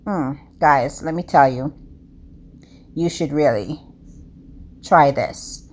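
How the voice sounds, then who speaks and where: In a slow, low-pitched, darkish voice, an accented woman demonstrates a home baking recipe for her vlog. She's upbeat and talks straight to the audience, calling them "guys," in non-native-accented English.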